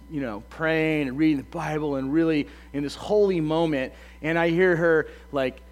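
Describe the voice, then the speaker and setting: A slightly hoarse man in his thirties, a pastor giving a casual, joking sermon full of ums and uhs. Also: a little high. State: a bit hoarse.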